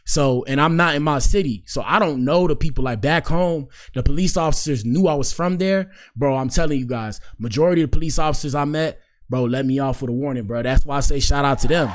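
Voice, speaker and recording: A soft-spoken man in his twenties, a podcast host telling a story in a slangy, rambling way and repeating phrases for effect. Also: medium pitch, brisk. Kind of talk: casual storytelling.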